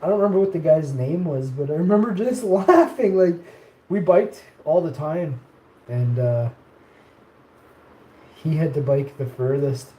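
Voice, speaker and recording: A man's voice: fairly high pitch, animated, unhurried, long pauses, mellow. Rambling man telling stories, echoey room. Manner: rambling, laughs often, quotes people in raised voice. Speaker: live streamer. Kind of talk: casual storytelling. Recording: echoey room with faint ambient noise.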